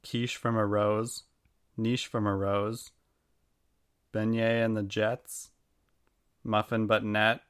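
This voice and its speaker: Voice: medium pitch, level tone, slow, long pauses, clean tone. A podcast co-host reading a pun list in a dry, teasing manner. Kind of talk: casual podcast banter, reading pun lists.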